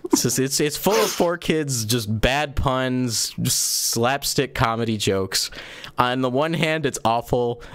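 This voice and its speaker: A young adult man hosting a casual podcast, telling stories in an animated, rambling way and laughing often. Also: medium pitch, slow pace, slight background noise. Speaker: podcast host.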